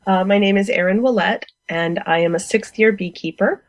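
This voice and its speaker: A woman being interviewed, telling her story in an energetic, animated way. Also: mid-range voice, moderate pace, no echo. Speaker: guest beekeeper.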